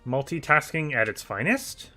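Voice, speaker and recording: Guy streamer, young, bright clear voice, chatty and animated, laughs a lot, faint music under him. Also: mid-range voice, normal speed. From United Kingdom. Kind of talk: casual livestream chat reading viewer messages.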